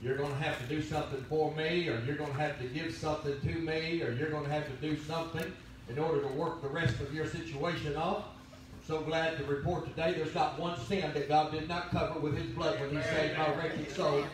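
A man's voice: a little high, steady tone, a little fast, slight background noise. A man preaching a sermon as pastor, telling folksy stories. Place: church sanctuary. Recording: very echoey church from a distance.

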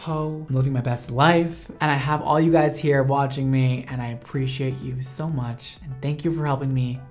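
A man's voice: mid-range voice, steady tone, normal speed, a little mellow, faint music behind. A young man, a hairstylist, telling a storytime with dramatic, sassy asides. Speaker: hairstylist and channel host. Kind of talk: animated storytime narration.

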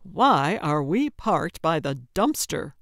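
A woman's voice: low voice, big pitch swings, takes it slowly, fairly bright tone, no room sound, exaggerated voice. A woman voicing a grumpy older man who grumbles and complains in a dry way. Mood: grumbling.

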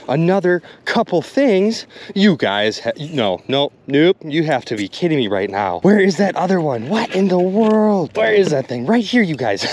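An excitable man narrates his outdoor fishing vlog by a river, talking straight to his viewers. His voice sits high, and his pitch swoops up and down as he exclaims over each find. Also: slight background noise. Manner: excitable, addresses viewers as "you guys". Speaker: magnet fishing vlogger.

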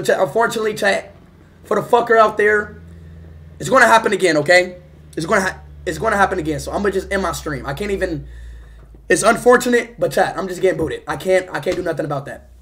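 Guy streaming live, high voice, annoyed, cussing at his chat. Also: fairly bright tone. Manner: frustrated, swears a lot. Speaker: livestreamer.

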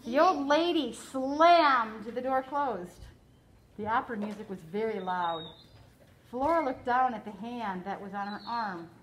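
A woman teacher reading a novel aloud to her class in a classroom, in a steady, clear storytelling way. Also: a little high, a little slow, low-quality recording.

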